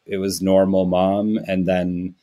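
A man with a lowish voice chats casually as a podcast guest. He is wry and self-mocking and keeps dropping into quick, silly character voices as he talks. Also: completely flat delivery, dark tone. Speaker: comedian guest.

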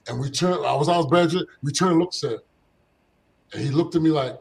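A man's voice: on the high side, fairly quick, gravelly, poor audio. An older man from Philadelphia, a former basketball player, telling stories from his youth as an interview guest, acting out the voices of the people in them. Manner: animated storyteller, acts out quoted voices, laughs often. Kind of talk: casual storytelling.

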